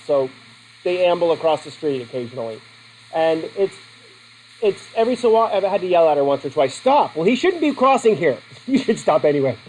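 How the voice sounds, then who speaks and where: A man's voice: high-pitched, dark tone, low-quality recording. A middle-aged man teaching a class in a joking, conversational way and putting questions to his students. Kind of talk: classroom lecture.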